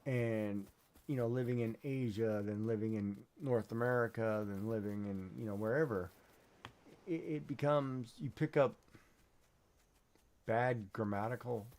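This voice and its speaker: A man's voice: on the low side, measured pace, a little mellow. A man streaming a game, chatting casually and rambling, often checking in with "right?". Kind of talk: casual chat while gaming.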